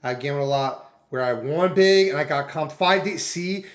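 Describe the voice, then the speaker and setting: A man's voice: a little high, moderate pace. A man streaming and chatting casually, rambling through anecdotes and putting on other people's voices.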